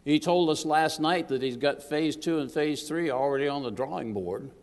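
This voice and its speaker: A man's voice: fairly high pitch, moderate pace. A man preaching as a guest minister, joking with the congregation and calling out for amens. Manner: lively, jokes with the congregation, calls for amens. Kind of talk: sermon. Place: church sanctuary. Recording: long hall reverb.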